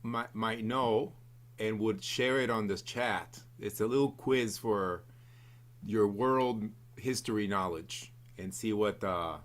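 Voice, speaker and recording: A man's voice: fairly low pitch, slow. A man appearing as a guest musician on an online show, explaining things and quizzing the audience in a friendly way with fillers.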